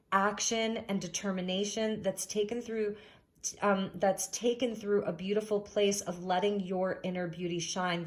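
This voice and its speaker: A woman giving a spiritual tarot reading to camera, speaking gently and reassuringly with frequent "um" fillers, recorded on a phone. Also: mid-range voice. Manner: gentle, affirming, many "um" fillers. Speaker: tarot reader.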